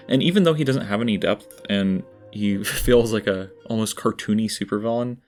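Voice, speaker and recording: A man narrating a scripted game review, earnest and candid, with dry asides. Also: lowish voice. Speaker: video essay host.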